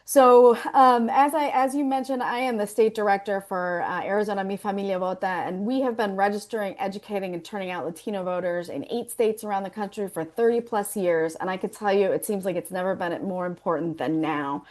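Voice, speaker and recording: A woman addresses an organizing call as a state director, speaking in an earnest and measured tone. She delivers a prepared speech to the listeners. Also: mid-range voice, a little mellow. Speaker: state director of a voter group.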